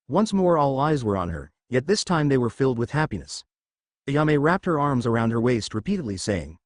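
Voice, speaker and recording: A man's voice: mid-range voice, sing-song, normal speed, no room sound, studio quality. A man narrating a fan fiction story aloud.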